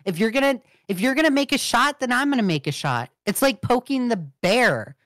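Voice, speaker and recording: A woman's voice: fairly high pitch, animated, brisk, a bit bright, dry recording. A woman arguing hard on a group voice call, defensive and dripping with sarcasm. Her voice sits in a middle register. The sound is dry and close, with no room around it. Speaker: co-host. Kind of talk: heated online group call argument.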